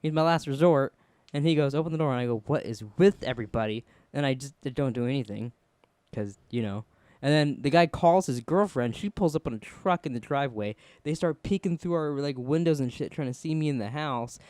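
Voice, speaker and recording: A man's voice: medium pitch, brisk, darkish tone, clear, resonant tone, no room sound. A young man co-hosting a podcast, rambling through stories in casual chat, acting out quotes and swearing often. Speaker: podcast co-host.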